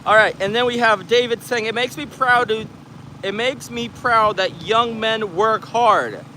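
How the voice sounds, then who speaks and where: A U.S. man livestreams outdoors, reading viewer comments aloud and joking and laughing through the casual chat. His high-pitched voice is sharp in tone and measured in pace, with a little hiss or hum from the handheld camera mic.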